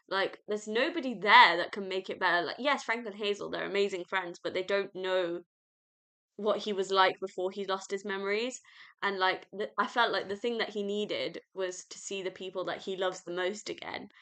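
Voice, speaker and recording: A woman's voice: mid-range voice, pushed and bright. A British woman hosting a casual solo book review podcast, rambling and gushing with lots of fillers. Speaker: podcast host.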